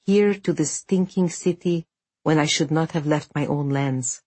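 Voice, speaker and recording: A woman reading the part of a cold, quietly menacing supernatural stranger in an audiobook, speaking with cool, dry humor. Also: sits low, measured pace, husky, no echo. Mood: brooding. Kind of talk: audiobook character voice.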